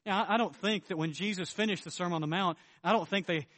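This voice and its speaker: A man preaching a sermon as pastor, emphatic, swinging between loud declarations and low, earnest tones. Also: fast, no room sound.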